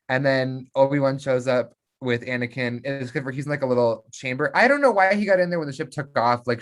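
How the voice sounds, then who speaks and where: A podcast co-host recapping a film in casual chat, sitting at an ordinary middle pitch. The delivery is lively and playful. Snatches of dialogue get acted out in quick character voices.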